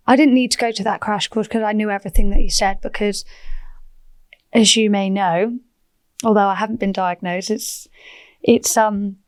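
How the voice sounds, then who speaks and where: A woman, chatting as a podcast guest, animated and quick to laugh. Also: medium pitch, no echo. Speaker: podcast guest, property entrepreneur. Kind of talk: casual interview chat.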